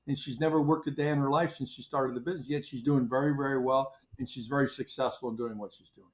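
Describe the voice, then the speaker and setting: An older man, a company founder, telling stories in a relaxed interview and acting out his own past conversations. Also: medium pitch, fast talker. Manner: animated storyteller, acts out his own past dialogue. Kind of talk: casual interview storytelling.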